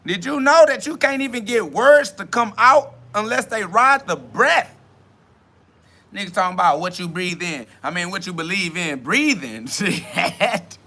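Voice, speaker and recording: A man hosting a self-talk podcast, ranting loudly and boastfully in profane slang and mockingly imitating other people's questions. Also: high-pitched, expressive, a little slow. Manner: loud, boastful, swearing slang rant with bursts of laughter. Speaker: podcast host.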